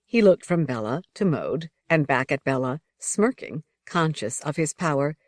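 Woman audiobook narrator, low-pitched, measured, dry close sound. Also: lively intonation, no echo.

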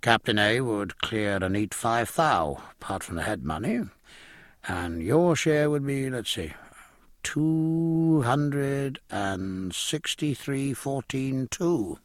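A man voicing a shrewd older uncle who speaks slowly and dryly. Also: on the low side, animated, a bit bright, no room sound. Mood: knowing. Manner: slow, calculating, dry.

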